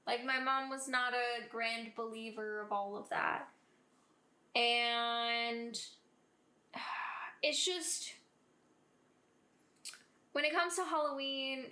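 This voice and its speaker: Speaking slowly and pausing often, a podcast co-host with a voice on the high side tells stories in casual conversation, acting out quotes with animation. The recording has a roomy feel.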